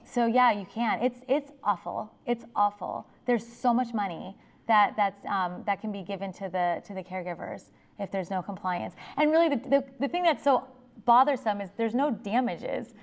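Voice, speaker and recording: A woman attorney giving an informal talk and taking audience questions, talking fast and restarting her sentences often. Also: mid-range voice. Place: public library meeting room.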